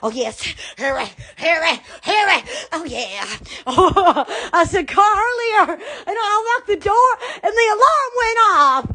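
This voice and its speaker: A woman's voice: very high-pitched, animated, measured pace, few pauses, sharp tone, a little hiss or hum. A woman hosting a livestream, giddy and silly, laughing and squealing between exclamations, filmed on a phone. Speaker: livestream host. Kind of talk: goofy livestream chatter. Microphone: phone camera.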